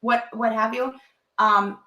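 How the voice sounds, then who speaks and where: A woman's voice: a little high, fairly even intonation, slow pace, bright, forceful tone, reverberant, highs cut off. A woman in her thirties, a therapist and podcast guest, chatting casually and acting out quoted inner voices with the odd swear. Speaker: licensed marriage and family therapist, guest.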